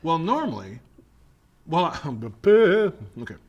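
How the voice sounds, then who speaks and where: Playful, teasing man with a lively voice. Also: on the high side, takes it slowly. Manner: teasing, playful, breaks off mid-line. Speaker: co-host. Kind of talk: recording outtakes, joking banter. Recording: loud background noise.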